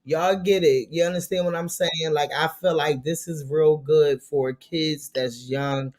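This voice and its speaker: A male vlog host talking in a casual, rambling, slang-heavy way, with a slightly high voice. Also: steady tone, measured pace, darkish tone, soft background music. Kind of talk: casual commentary.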